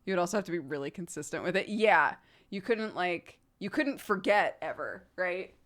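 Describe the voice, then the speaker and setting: A woman streamer in her thirties talks casually with her chat. Her pitch swoops up and down a lot, and she rambles along and laughs often. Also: lively intonation, moderate pace, fairly bright tone. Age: 30s.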